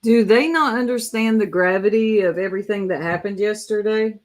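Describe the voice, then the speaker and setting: Chatty and direct with her audience, a woman runs a casual live reaction stream, talking to viewers at a moderate pace in a medium-pitched voice.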